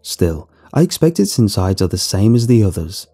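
Sarcastic male teacher, commanding and dry, low husky voice, a man reading it out. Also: sing-song, normal speed, warm tone, full character voice. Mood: nervous. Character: sarcastic male schoolteacher, middle-aged.

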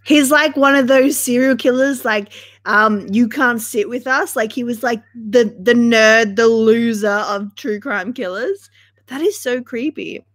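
Young woman live-streamer, slightly high voice; casual, dramatic, foul-mouthed chatter. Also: a little slow, a bit bright. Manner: chatty, swears freely, dramatic. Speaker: livestream host. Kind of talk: casual livestream chat.

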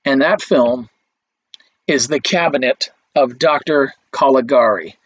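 A man's voice: medium pitch, unhurried, slightly rough, no room sound. Chatty male film lecturer, dull recording. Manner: conversational, with frequent fillers and restarts.

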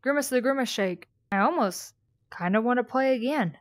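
A young woman playing horror games on her channel, gasping and reacting out loud as she goes. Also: fairly high pitch, moderate pace, dry recording. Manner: excitable, yelps and gasps. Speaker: gaming YouTuber.

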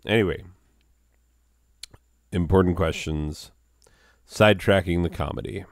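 A man hosting his own channel in a rambling comedic monologue, deadpan, self-mocking and wandering off topic. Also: deep voice, unhurried, pauses often, no room sound, studio quality. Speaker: channel host.

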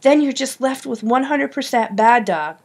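A woman's voice: sits high, expressive, normal speed, darkish tone, pitched above the performer's own voice. Woman reading as a scheming, eager schoolboy. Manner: eager and persuasive.

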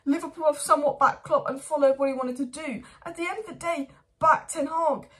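A young woman with a fairly high voice delivers an exasperated fan rant for her football channel. She fires off rhetorical question after rhetorical question and sounds thoroughly fed up. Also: steady tone, brisk, a bit bright. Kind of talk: opinionated fan commentary vlog.

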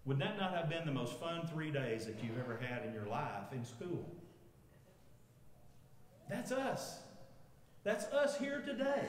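A man's voice: on the high side, very animated, measured pace, long pauses. A man, preaching a sermon and telling a funny story, chuckling as he goes and asking the congregation questions. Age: 50s. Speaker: pastor. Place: large echoey church sanctuary. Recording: echoey church hall with long reverb.

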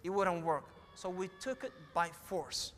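In an echoey hall, a middle-aged Somali-accented man gives a sermon built around a family story, performing the quoted dialogue as he goes. His high-pitched voice is a bit bright with lively intonation and a measured pace, and there's a little hiss or hum.

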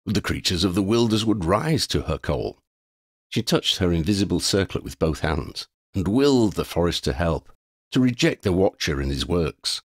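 A man narrating an audiobook, reading steadily with expressive storytelling. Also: deep voice, normal speed, slightly rough, dry recording, studio quality. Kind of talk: scripted narration.

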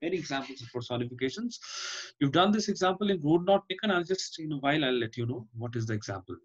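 A man's voice: a little high, lively intonation, fast talker, breathy edge, muffled recording. A male teacher with an Indian English accent, giving an online class and explaining by repeating himself and asking "Fine?". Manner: explains by repetition, often asks "Fine?".

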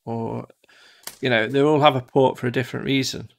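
A man's voice: medium pitch, steady tone, a little fast, vocal fry. A man from the UK teaching one-to-one in a casual, chatty way, often acting out devices in silly voices. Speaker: tutor.

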